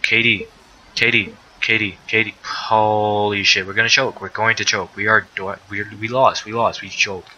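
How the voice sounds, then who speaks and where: Young male streamer, sharp bright tone, low-ish voice, excitable play-by-play full of cursing and groans, dull lo-fi mic. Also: normal speed. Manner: excitable, swearing, exasperated outbursts. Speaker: sim league streamer. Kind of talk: live game commentary. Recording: dull lo-fi mic with faint noise.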